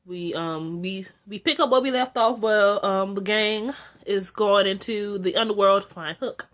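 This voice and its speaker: A young woman talking through a TV episode in a loose, casual vlog. She is chatty and excitable, with plenty of fillers and asides, and her voice sits at an ordinary middle pitch for a woman. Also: measured pace. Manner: chatty and excitable, frequent "like" and filler, jumps high when excited. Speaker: TV episode reviewer.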